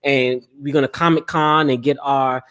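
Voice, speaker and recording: A man hosting a casual podcast chat, excitable and laughing often, his voice jumping up when he gets going. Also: mid-range voice, normal speed, smooth. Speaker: host.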